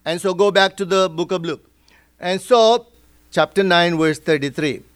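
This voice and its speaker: A man's voice: high-pitched, moderate pace, smooth. A man preaching as a pastor, explaining Bible verses step by step and asking rhetorical questions. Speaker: pastor teaching a Bible study. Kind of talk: sermon.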